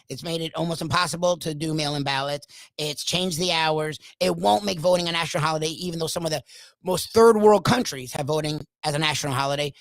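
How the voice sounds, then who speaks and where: A hoarse man hosting a sports talk show alone, ranting emphatically in a loud, opinionated monologue. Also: sits high, no echo, poor audio. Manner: opinionated, swings between loud bursts and quiet asides. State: hoarse from coaching. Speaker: sports radio host.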